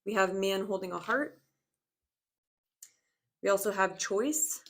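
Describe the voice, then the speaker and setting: A woman in her twenties giving a casual tarot reading, rambling and reflective, with many fillers and soft hedges. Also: medium pitch, slow pace. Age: 20s. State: slightly out of breath. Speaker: tarot reader.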